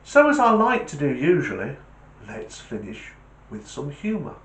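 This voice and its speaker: A man's voice: on the high side, wildly swooping pitch, moderate pace, a bit bright, slight background noise. A man hosting his own channel, talking casually to camera and telling a joke. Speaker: channel host. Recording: echoey room.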